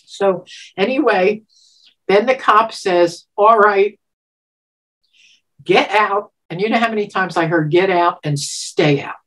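In an interview, a woman in her seventies recounts a personal memory with lots of energy, laughing often and acting out quotes with sudden jumps in pitch. She gets emotional at points, stopping and restarting haltingly.

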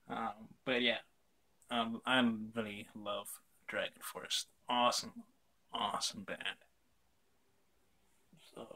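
Young man, vlog host, unhurried, rambling delivery, casual swearing, mid pitch. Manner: rambling, relaxed, swears casually, many fillers. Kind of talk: casual chat.

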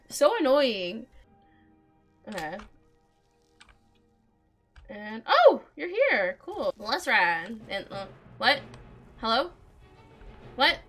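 A woman narrates her gaming session in a casual, excitable let's-play style and chats with the characters on screen. Her voice sits high and sounds bright and sharp. Her pitch leaps around animatedly. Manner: chatty and excitable, talks to game characters. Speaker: gamer playing a role-playing game.

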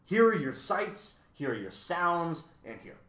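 A man voicing a disdainful many-faced male storybook figure who talks slowly, in an echoey room. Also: on the high side, very animated, fairly bright tone, pitched above the performer's own voice.

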